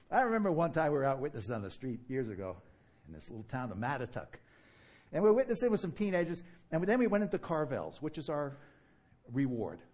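Animated husky New York preacher man. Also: fairly high pitch. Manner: animated and fast-talking, with laughter and mock dialogue. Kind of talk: sermon.

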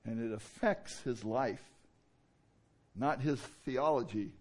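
A man preaching a sermon in a conversational way, with many fillers, who now and then rises into loud, emphatic bursts. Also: mid-range voice, takes it slowly, slightly rough. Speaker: pastor.

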